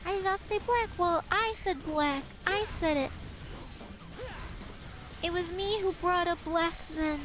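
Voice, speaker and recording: Super high voiced girl streaming a game, cussing and teasing chat. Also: measured pace, long pauses, music in the background, poor audio. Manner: playful, swearing, teasing banter with chat. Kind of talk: casual live gameplay stream chat.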